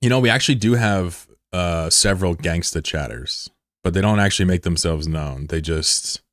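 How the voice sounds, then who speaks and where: A man in his thirties from the United States, chatting casually on a live stream with swearing and sudden high yelps of surprise. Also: a little fast, no room sound, studio quality. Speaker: game streamer.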